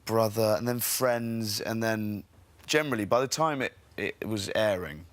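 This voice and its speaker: A man from England, a guest actor chatting in a TV studio interview, relaxed and self-deprecating. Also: fairly low pitch, measured pace, no echo. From England (London and the Midlands). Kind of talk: casual TV interview chat.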